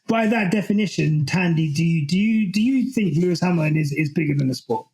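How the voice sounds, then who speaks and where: A man's voice: a little high, brisk, darkish tone, low-quality recording. A man co-hosting a podcast, talking casually in rambling stretches full of ums and easy laughter. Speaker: podcast co-host.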